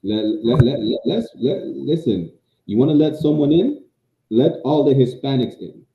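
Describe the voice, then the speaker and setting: A man's voice: medium pitch, lively intonation, normal speed. A man co-hosting a podcast in argumentative casual chat, often stammering into restarts, heard over a tinny line. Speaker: podcast co-host. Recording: tinny phone-like line, roomy echo.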